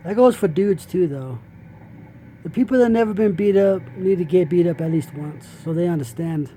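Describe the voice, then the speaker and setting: A man's voice: high-pitched, moderate pace, dark tone, slight background noise, low-quality recording. A man hosting a reaction video, giving brash, profane, trash-talking commentary.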